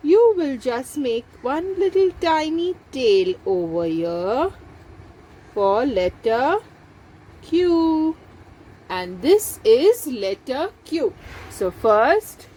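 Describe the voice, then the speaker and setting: A woman, teaching letters to young children in a slow, patient, step-by-step way. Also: sits high, darkish tone, a little hiss or hum. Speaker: nursery teacher. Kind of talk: recorded lesson for young children.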